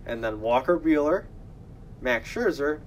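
A man's voice: on the high side, animated, a little slow, a little hiss or hum. A man co-hosting a casual sports chat, joking and swearing in playful banter. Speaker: podcast co-host.

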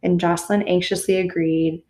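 A woman's voice: fairly low pitch, level tone, brisk, warm tone. A woman hosting a podcast, casually recounting a true crime story with fillers and the odd curse. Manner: casual retelling with cursing and fillers. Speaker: podcast host.

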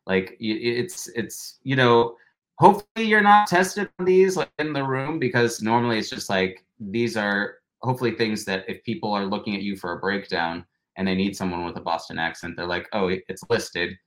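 Chatty young male actor guest, low-pitched, laughing and restarting often. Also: normal speed, fairly bright tone. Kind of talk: casual interview chat.

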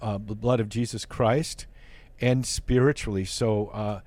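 A man's voice: on the low side, steady tone, measured pace, darkish tone. A man hosting a faith talk show, speaking earnestly and often repeating words as he searches for phrasing. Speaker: host.

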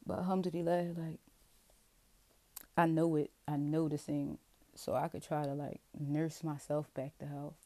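A woman talking straight to her viewers in a rambling, profane, self-questioning confessional. Her voice is dark and gravelly with heavy vocal fry. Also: sits low, flat delivery, measured pace, dry recording. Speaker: vlogger. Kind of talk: candid confessional monologue.

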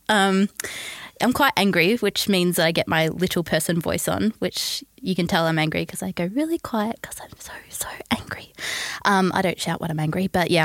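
A woman's voice: on the low side, a bit bright, no echo. An Australian woman speaking as a podcast guest, earnest and hesitant, with lots of ums. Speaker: podcast guest, football writer. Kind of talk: casual podcast chat.

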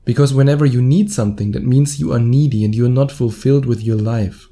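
Dark-voiced German man hosting a podcast. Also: mid-range voice, fast. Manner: chatty, laughs at his own slips. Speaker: podcast host. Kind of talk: solo podcast monologue.

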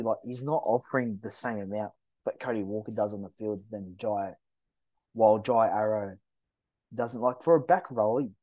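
An Australian man hosting a casual sports podcast, talking in a rambling, animated way with lots of restarts. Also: mid-range voice, no echo. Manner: animated, rambling, mocks rival fans in a put-on voice. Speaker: podcast host.

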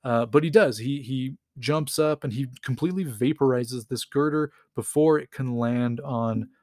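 A man's voice: mid-range voice, moderate pace, darkish tone, no room sound, studio quality. A man casually retelling a story in a rambling, enthusiastic way, with lots of fillers. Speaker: comics recap host.

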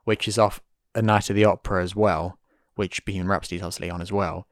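Man, low voice, quick casual chat, dry close sound. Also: dry recording. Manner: animated, acts out quotes in put-on voices.

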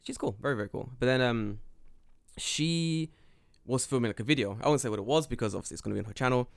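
A young man chatting on a podcast, a lively storyteller who slips into other people's voices and swears freely. His voice is close and dry, with no room sound around it, at a middling pitch. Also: fast, vocal fry, dry recording. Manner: animated storyteller, acts out dialogue, swears often. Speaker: podcast co-host. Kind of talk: casual podcast chat. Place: lives in Japan.

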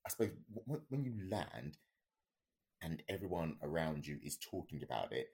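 A man's voice: rumbling low, very animated, normal speed, vocal fry, a little mellow. A man, a podcast co-host, telling a story in a rambling, casual way with many fillers and restarts.

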